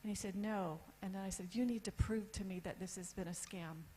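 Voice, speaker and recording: A woman in her fifties stands on stage and tells her own story in a candid, direct way. She lists things one at a time with pauses for effect. A faint hum sits under her voice. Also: medium pitch, steady tone, warm tone, poor audio. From United States. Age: 50s. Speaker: speaker telling her story. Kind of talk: personal story talk on stage. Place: event stage.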